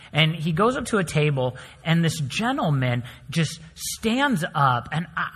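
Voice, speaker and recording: A male pastor preaching a sermon, telling stories with swings between loud emphasis and soft, hushed lines. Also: fairly high pitch, husky. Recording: long hall reverb.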